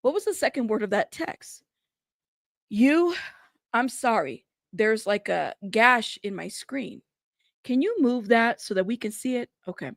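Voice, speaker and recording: A woman with a slightly high voice hosts a news channel, reading court transcripts aloud. She stops often for sassy, chatty commentary. The sound is dry and close, with no room echo. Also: expressive, measured pace, creaky.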